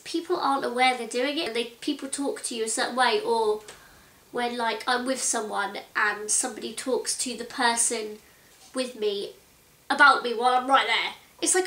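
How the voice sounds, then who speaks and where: A woman's voice: fairly high pitch, fairly bright tone. A woman in her twenties talking to camera in a chatty, earnest and exasperated way, full of "like". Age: 20s. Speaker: vlogger. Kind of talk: casual talk to camera. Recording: echoey room.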